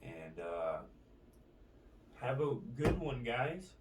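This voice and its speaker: A man's voice: mid-range voice, very animated, extremely slow, heavy background noise. A man vlogging in a profane, rambling monologue, tagging his lines with "right?". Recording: roomy, distant from the mic.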